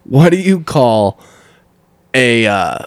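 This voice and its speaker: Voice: medium pitch, big pitch swings, no echo. Teasing, joking podcast co-host. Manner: teasing, profane, quick jokes. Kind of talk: casual comedic chat.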